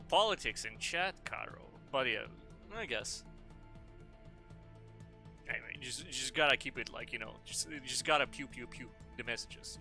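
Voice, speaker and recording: A man chats loosely while streaming a game, rambling from thought to thought and swearing freely. His voice is bright and forceful at a middle pitch. Faint music plays underneath. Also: animated, a little slow, long pauses. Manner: playful, swears a lot, rambling. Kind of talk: casual live-stream chat.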